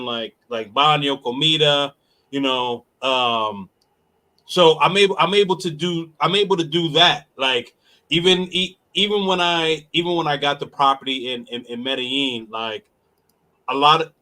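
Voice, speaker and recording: A man's voice: on the high side, pushed and bright. A man co-hosting a casual chat, talking hesitantly with many repeated fillers.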